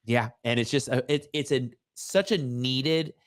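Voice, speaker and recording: A man hosting a casual interview, affirming and halting, often restarting his sentences. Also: mid-range voice, no room sound, clean studio sound. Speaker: podcast host.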